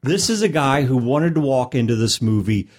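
Lively, emphatic storytelling man. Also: medium pitch, normal speed. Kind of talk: casual panel chat.

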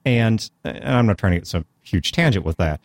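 A man on a podcast with a low voice, talking in an earnest, thoughtful way. The sound is dry and close, with no room around it. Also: animated, moderate pace, no echo. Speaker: podcast host. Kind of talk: casual chat.

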